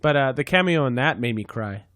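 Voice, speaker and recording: A man's voice: mid-range voice, animated, a bit bright, no room sound. A man from San Diego talks casually on a podcast in a middle register. He rambles, halts and restarts his thoughts as he goes. The sound is dry and close, with no room behind it. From San Diego, California. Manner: rambling, halting, with many restarts. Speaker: podcast host. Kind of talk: casual chat.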